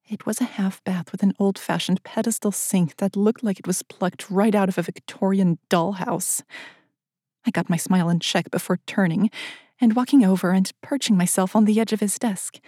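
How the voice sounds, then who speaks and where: A woman narrating a first-person audiobook in a smooth, measured storytelling manner. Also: mid-range voice, dark tone, no echo, clean studio sound.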